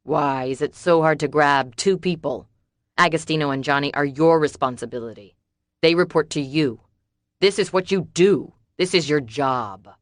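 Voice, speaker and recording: A woman's voice: low-pitched, moderate pace, no echo, clean studio sound, lightly acted. A woman reading a menacing male crime boss. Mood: angry. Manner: clipped, threatening.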